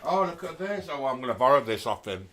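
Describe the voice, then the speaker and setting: Man, co-host, casual live-stream chat, playful, gossipy, animated pitch. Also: fast talker.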